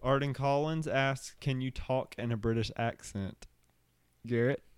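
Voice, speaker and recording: A man co-hosting a podcast in casual chat, relaxed and halting, with plenty of fillers and laughs. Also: mid-range voice, smooth, no echo. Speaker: podcast co-host.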